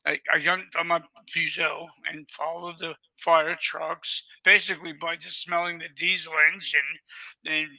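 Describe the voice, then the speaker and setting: Older male guest, high gravelly voice, lively raconteur who plays every part. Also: measured pace, no echo, low-quality recording. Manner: vivid storyteller who acts out dialogue. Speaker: interview guest. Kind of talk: animated storytelling.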